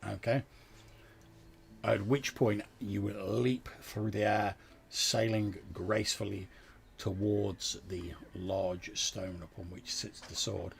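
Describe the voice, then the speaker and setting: A man's voice: fairly low pitch, level tone, takes it slowly, creaky, slight background noise. A man narrating as game master in a tabletop game, describing scenes loosely with many fillers and restarts.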